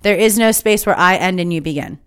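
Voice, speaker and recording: A woman's voice: on the low side, a little fast, a bit bright, clear, resonant tone. A woman hosting her own podcast, giving an impassioned, emphatic spiritual monologue that is full of swearing. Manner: fired-up, emphatic, swears freely. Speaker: podcast host.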